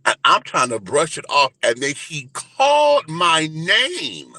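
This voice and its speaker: A man in his forties telling a personal story in an animated, flamboyant, profane way during a casual interview. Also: a little high, slow pace, hardly any pauses, no echo. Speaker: guest, entertainer and radio host.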